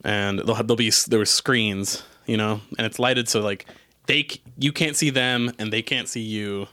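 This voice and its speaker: A man's voice: lowish voice, normal speed, no room sound. A young man chatting casually as a podcast co-host, joking and laughing often. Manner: jokey, laughs often, animated bursts. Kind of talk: casual chat.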